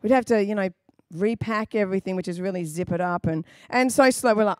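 A woman's voice: medium pitch, brisk, darkish tone, dry recording. A woman pastor from England preaching a sermon in a conversational, storytelling way, acting out quoted voices. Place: church.

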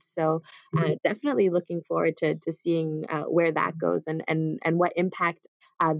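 A woman's voice: fairly low pitch, vocal fry, darkish tone, no echo. A young woman, an author, answering interview questions over a video call, thoughtful and hesitant with many fillers. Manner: thoughtful, many "um"s and repeated words. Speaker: author and guest. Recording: dry, dull video-call audio.

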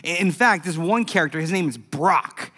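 Bright-voiced male youth pastor preaching. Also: fairly high pitch, normal speed, husky. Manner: animated storytelling, emphatic. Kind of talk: sermon. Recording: echoey hall.

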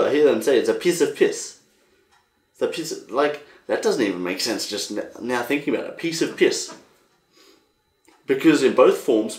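A young Australian man hosting a casual solo podcast, rambling and animated, swearing freely. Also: mid-range voice, echoey room. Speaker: podcast host.

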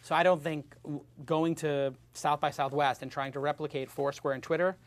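A man's voice: a little high, flat delivery, normal speed. A male podcast host chatting casually, blunt and opinionated, joking as he goes. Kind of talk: casual chat.

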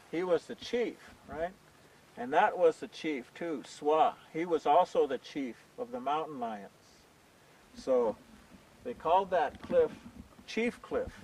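A man telling a traditional folk tale aloud in a relaxed, conversational way, often saying "you know". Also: on the high side, a little hiss or hum, rough recording. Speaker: storyteller. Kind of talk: oral folk storytelling.

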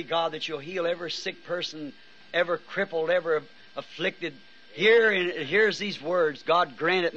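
A weary middle-aged man leading an earnest, pleading prayer and altar call from a church pulpit, with halting restarts. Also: high-pitched, sharp tone. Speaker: preacher. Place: church before a congregation. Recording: dull old sermon tape with faint hiss.

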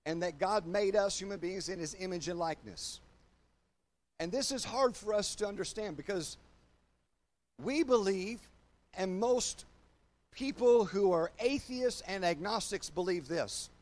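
High-voiced older man preaching a sermon. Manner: emphatic preaching, swinging from loud declarations to low, slow confiding; addresses congregation and online viewers directly. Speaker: pastor.

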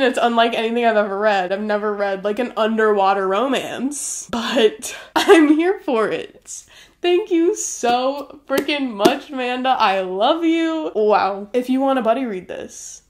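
A woman hosting her own channel, chatting to camera in a gushing, excitable way while unboxing gifts. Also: fairly high pitch, measured pace, a little hiss or hum. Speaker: booktube host. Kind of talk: casual chat to camera, unboxing.

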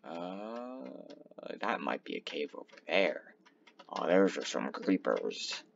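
A young man casually commenting on his gameplay, swearing and rambling between loud outbursts and low mumbling. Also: sing-song, slow pace, gravelly, highs cut off, slight background noise. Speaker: gaming channel host.

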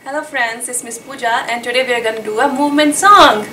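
A woman's voice: on the high side, fast talker, over music. A woman preschool teacher leading children in a simple call-and-answer movement song. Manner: bright, singing simple call-and-answer lines. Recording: echoey room, voice from a distance.

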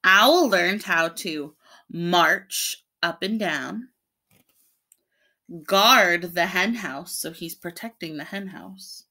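A woman's voice: fairly low pitch, very slow. A woman, a preschool teacher, reading a picture book aloud to children and explaining the pictures as she goes. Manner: explains the pictures between pages, animated.

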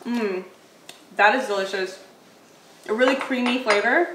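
A woman's voice: a little high, unhurried, far from the mic, background noise. A woman reviewing grocery snacks in casual chat, laughing often and musing aloud as she tastes. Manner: chatty, laughs often, muses while tasting. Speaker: food vlogger. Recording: echoey room, mic set back.

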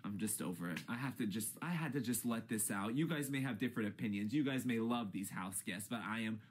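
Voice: medium pitch, fast, a little hiss or hum. A YouTuber in a profane, exasperated rant about a reality TV show, swinging from grumbling to shrieks. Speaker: YouTube ranter.

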